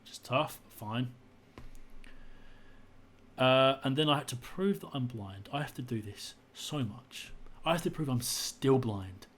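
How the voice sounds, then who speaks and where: A man's voice: medium pitch, unhurried, pauses often, a bit bright, breathy edge. A young man tells his own story in a frustrated, indignant way, often repeating himself. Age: young adult. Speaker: vlogger. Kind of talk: personal story to camera.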